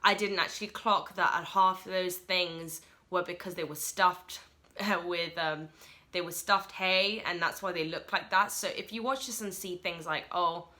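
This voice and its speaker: A woman's voice: on the low side, steady tone, unhurried, pushed and bright. A woman chatting casually as she reviews a film, giggly and full of "like" and "honestly".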